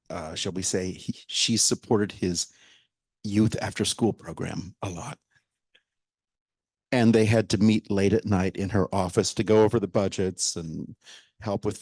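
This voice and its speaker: A theater director, speaking as a guest at a public talk in a library event hall with a live audience, animatedly retells a story and acts out quoted lines, sometimes dropping almost to a whisper. His voice is on the low side and a little mellow, and the recording is dry.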